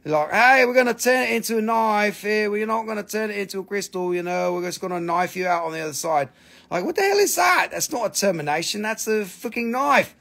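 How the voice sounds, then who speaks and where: A man hosting a live crystal sale on his phone, excitable and chatty, swearing casually and laughing often. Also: high voice, vocal fry, husky. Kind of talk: live-stream sales chat.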